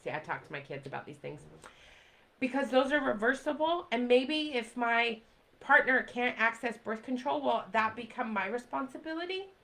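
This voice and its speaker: A woman in her forties making an impassioned live talk to her viewers, pleading and repeating lines to drive them home. Her voice sits a little high and rings bright and forceful. She breaks off now and then to answer comments from the chat. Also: lively intonation, normal speed, rough recording. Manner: urgent, pleading, repeats phrases for emphasis. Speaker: livestream host. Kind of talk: impassioned direct-to-camera talk.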